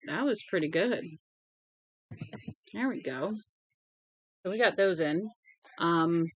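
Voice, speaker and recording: A woman's voice: lowish voice, noisy background. A woman hosting a read-aloud livestream, tired and yawning, chatting to viewers in a rambling, friendly way with many filler ums. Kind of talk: casual livestream chat after book reading.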